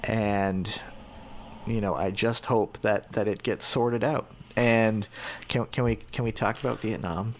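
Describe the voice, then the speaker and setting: A man's voice: on the low side, steady tone, unhurried, a little hiss or hum. A Canadian man as a podcast guest, chatting casually and rambling with many fillers and restarts.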